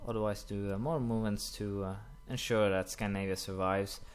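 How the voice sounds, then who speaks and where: A young man commenting casually while playing a strategy game, rambling with many fillers and quick apologetic asides. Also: fairly low pitch, steady tone, clear, resonant tone. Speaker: gaming commentator. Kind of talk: casual let's-play commentary.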